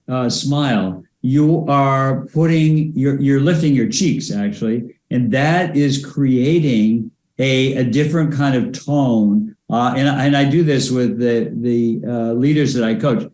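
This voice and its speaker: An older man answers interview questions in a measured, anecdotal way, often pausing on fillers. His voice sits at a middle pitch and carries a roomy echo around it. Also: a little mellow. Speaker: guest, former presidential advisor and speech coach.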